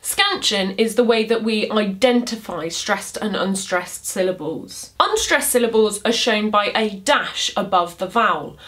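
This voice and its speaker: A woman's voice: mid-range voice, unhurried, few pauses, fairly bright tone. A young woman in her twenties teaching poetry in a casual video lesson, chatty, with many ums and self-deprecating asides.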